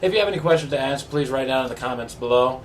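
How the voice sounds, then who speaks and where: A man's voice: mid-range voice, very fast. Young guy rambling easygoing vlog talk, mic kinda far away, little noise hum. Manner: rambling, easygoing, self-deprecating. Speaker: vlogger. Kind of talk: casual chat. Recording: distant mic with faint background noise.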